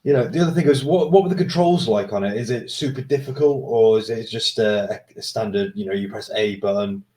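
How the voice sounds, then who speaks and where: A man's voice: lowish voice, fairly quick, dark tone. A man in a casual gaming chat, joking around and firing off questions. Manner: jokey, fires off questions. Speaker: co-host.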